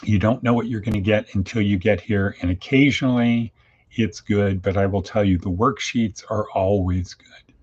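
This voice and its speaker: Low-voiced folksy male podcaster. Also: normal speed, darkish tone. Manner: folksy, plain-spoken, full of idioms. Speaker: podcast host. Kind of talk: casual daily podcast monologue. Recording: dull lo-fi with faint hiss.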